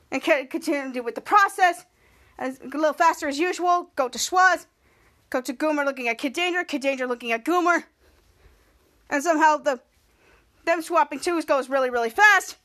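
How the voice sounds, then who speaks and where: Very high-voiced woman recapping an episode. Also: normal speed, pauses often, a bit bright. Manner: rambling retelling with acted quotes and many restarts. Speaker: podcast host.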